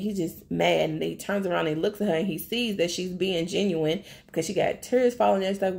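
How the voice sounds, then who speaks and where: A woman with a lowish, gravelly voice tells a TV episode's story in a chatty vlog. She talks straight to her viewers and narrates with lively flair. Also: normal speed, few pauses. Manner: chatty, addresses viewers directly; animated storytelling. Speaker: TV recap vlogger. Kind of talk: casual episode recap.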